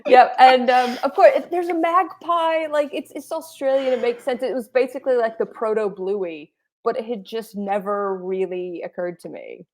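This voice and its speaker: A woman co-hosting a podcast in casual chat, telling stories in a lively, animated way. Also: a little high, moderate pace. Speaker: podcast co-host.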